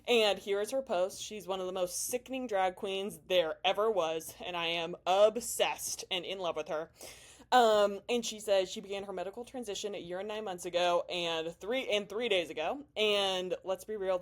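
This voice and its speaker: A woman's voice: mid-range voice, normal speed. Chatty giggly young woman vlogger. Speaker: bodybuilding vlogger. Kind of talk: casual talking-head commentary.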